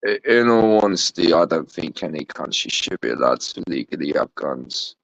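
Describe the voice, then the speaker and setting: A man's voice: very deep voice, expressive, moderate pace, gravelly, fairly bright tone, no room sound. A British man calling into a livestream, talking bluntly, swearing often and stammering over his words. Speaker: caller on a livestream. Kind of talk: casual chat. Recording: dry, dull lo-fi audio.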